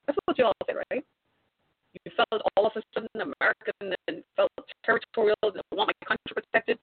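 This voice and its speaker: Woman commentator, exhorting and preachy, dry close sound, husky voice. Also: mid-range voice, fairly even intonation, a little fast, no echo. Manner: preachy, exhorting, rhetorical questions. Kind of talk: impassioned monologue to viewers. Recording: tinny phone-like sound.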